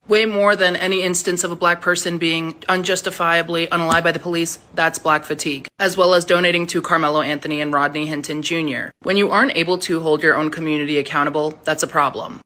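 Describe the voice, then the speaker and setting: A woman delivering an angry, profane rant. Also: deep voice. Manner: heated, profane, forceful.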